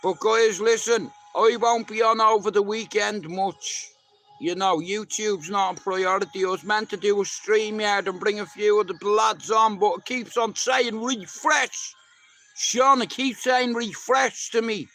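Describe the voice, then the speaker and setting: A man's voice: high voice, fairly even intonation, unhurried, pushed and bright, faint music behind. A middle-aged Irish man chatting casually to live viewers, swearing freely as he rambles through stories. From Ireland. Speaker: livestream host.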